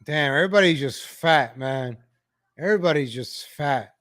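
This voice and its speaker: A man ranting in exasperation as he comments on videos for his viewers, calling them ladies and gentlemen. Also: fairly high pitch, expressive, normal speed.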